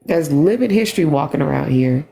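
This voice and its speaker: Weary woman with a gravelly voice. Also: sits low, animated, warm tone. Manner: weary, halting, repeats herself. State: tired. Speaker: livestreamer. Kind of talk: emotional casual livestream talk. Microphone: phone.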